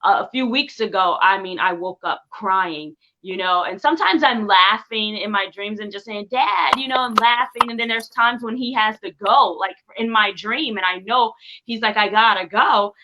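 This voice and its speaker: Bright-voiced woman guest on lo-fi call. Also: mid-range voice, normal speed, hardly any pauses. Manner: warm-hearted, reassuring, acts out quotes. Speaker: guest, former TV performer. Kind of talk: casual interview talk.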